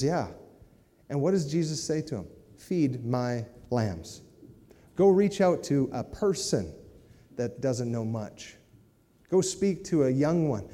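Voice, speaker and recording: A man delivers a sermon in a relaxed, conversational style and keeps drawing his listeners in with quick checks. His voice sits a little high for a man but has a very dark, mellow tone. The sound rings out with the long tail of a large hall. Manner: conversational preaching, with asides like "right?" and "amen?". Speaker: pastor.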